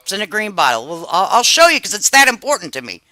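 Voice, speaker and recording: A woman in her fifties talking loosely to her live-stream viewers, animated and confiding, with salty language sprinkled throughout. Her voice has a bright, forceful edge. The sound is close and dry, with no room around it. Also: mid-range voice, fast, no room sound. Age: 50s. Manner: animated, swears freely, confides to chat. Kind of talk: casual live-stream chat.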